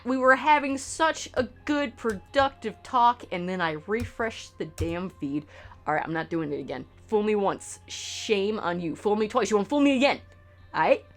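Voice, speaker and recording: A woman streamer rambling to her chat at home, swearing freely and jumping between topics. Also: mid-range voice. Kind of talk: casual chat with stream viewers. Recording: faint game music behind.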